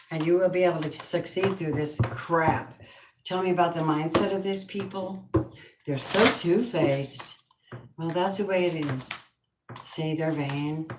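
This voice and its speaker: A woman's voice: fairly low pitch, roomy sound, background noise. A woman giving a spoken tarot reading with prayers, blunt and earthy, muttering asides to herself. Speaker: tarot card reader.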